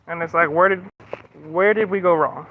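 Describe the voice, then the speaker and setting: This American streamer has a voice on the high side and talks at a moderate pace. He swears freely in casual livestream chat, ranting and then apologizing, and the stream audio is slightly muffled with a bit of background noise.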